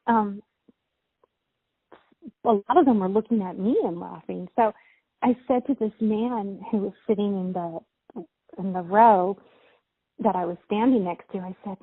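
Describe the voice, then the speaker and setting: A middle-aged woman, a mother, casually telling a personal story in a rambling, halting way with many fillers and restarts. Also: medium pitch, husky, no echo. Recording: tinny phone-like sound, dry.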